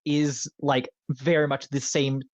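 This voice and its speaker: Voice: medium pitch, flat delivery, slow pace, darkish tone, no room sound. A podcast co-host in a casual film discussion, talking with enthusiasm and rambling with many fillers. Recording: dull lo-fi dry recording.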